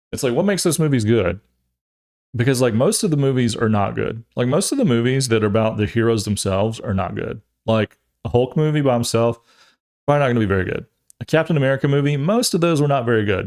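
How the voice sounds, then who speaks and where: A young adult man hosting a podcast, chatting casually and rambling, jokey and animated, often restarting his sentences. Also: medium pitch. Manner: animated, acts out quotes in funny voices. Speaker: podcast host. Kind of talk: casual chat.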